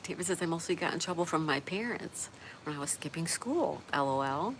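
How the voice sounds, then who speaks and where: A woman's voice: sits low, animated, a little fast, poor audio. A woman hosting a casual livestream, reading viewer comments aloud and chatting back with a laugh. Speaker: livestream host reading chat. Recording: noticeable background noise.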